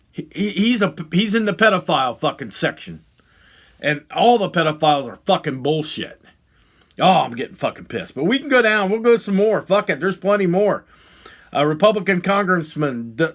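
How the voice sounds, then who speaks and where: A man hosting a podcast, delivering a profane, heated monologue that swings between loud outbursts and low muttering. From Ohio. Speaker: podcast host. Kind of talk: angry ranting monologue.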